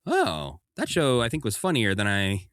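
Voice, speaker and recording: Male podcast co-host, very low voice, dry close sound, easygoing and chatty. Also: moderate pace, clear, resonant tone, no echo. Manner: relaxed, laughs often, quotes characters in passing. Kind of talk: casual podcast chat.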